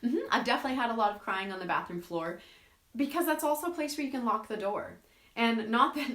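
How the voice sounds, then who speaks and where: A woman hosting a live self-help talk who reads viewer comments and acts out quoted friends in an animated way. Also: medium pitch, echoey room. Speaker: host.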